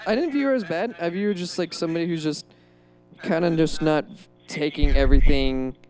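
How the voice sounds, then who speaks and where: A young man in a casual film review chat, talking in halting bits with many restarts. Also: a little high, a little mellow, soft background music.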